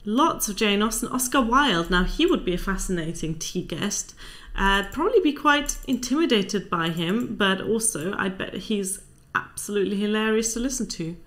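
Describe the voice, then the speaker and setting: A woman's voice: mid-range voice, a bit bright. Dry-witted woman book vlogger. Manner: wry, dry asides. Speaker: book channel host. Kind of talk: casual chat reading out viewer answers.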